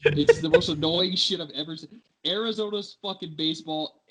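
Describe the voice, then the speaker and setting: A man's voice: on the high side, moderate pace, crowd noise, poor audio. A young man co-hosting a casual sports podcast, ranting in exasperation and swearing constantly. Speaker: podcast co-host.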